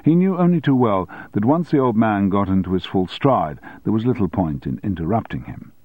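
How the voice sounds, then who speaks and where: A man with a fairly low voice reads the story, his delivery measured yet lively in its rise and fall. The recording is dry and narrow, like it is coming over a phone line. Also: dry recording. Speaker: audiobook narrator. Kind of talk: scripted narration. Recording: dry, tinny phone-like sound.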